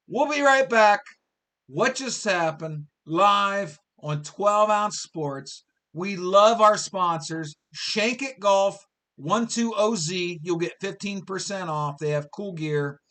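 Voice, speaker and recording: A man's voice: high-pitched, sharp tone. A man in his fifties hosting a live sports talk show, ranting in an exasperated way and repeating his questions. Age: 50s.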